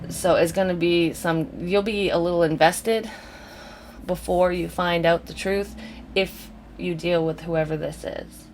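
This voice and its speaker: A woman's voice: fairly low pitch, slight background noise. A woman giving a casual tarot reading to camera, blunt and swearing freely, drifting into rants. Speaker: psychic tarot reader.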